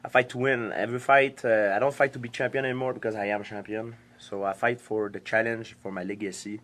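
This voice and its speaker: A young man answering interview questions in halting, repetitive English, laughing easily. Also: on the low side, flat delivery, a bit bright. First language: French. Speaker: interviewed fighter. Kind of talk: casual interview.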